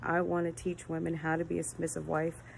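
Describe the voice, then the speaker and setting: A woman calling in to a talk show, rambling and gushing with thanks and excitement. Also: sits low, fast talker, vocal fry, slight background noise, poor audio. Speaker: caller.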